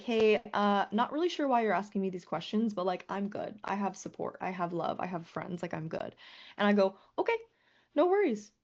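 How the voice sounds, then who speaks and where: A woman business coach teaching a live online class, earnest and lively, often swearing and acting out quoted messages. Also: mid-range voice, highs cut off.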